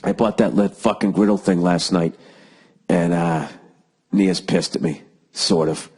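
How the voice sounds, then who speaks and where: Husky, profane podcast host riffing. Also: male voice, deep voice, fairly even intonation, measured pace, a little mellow. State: has a lingering cough. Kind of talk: rambling solo podcast monologue.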